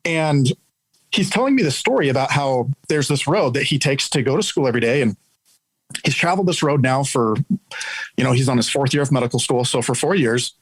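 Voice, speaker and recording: A man's voice: mid-range voice, brisk, breathy edge, no echo, poor audio. A man being interviewed as a guest, telling a story in a conversational, earnest way to explain an idea.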